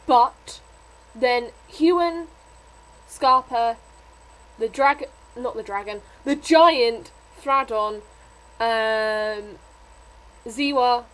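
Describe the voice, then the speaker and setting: A young woman reviews a book in a casual vlog, rambling with lots of fillers and growing emotional. Her voice is fairly high and a bit bright, and the recording quality is low.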